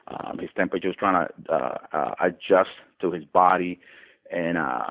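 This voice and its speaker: Guy telling his story on a call, kinda low voice, thin phone sound, lots of restarts. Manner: animated retelling with many restarts, voice rising when quoting others. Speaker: guest telling testimony. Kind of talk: casual testimony storytelling. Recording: tinny phone-line sound.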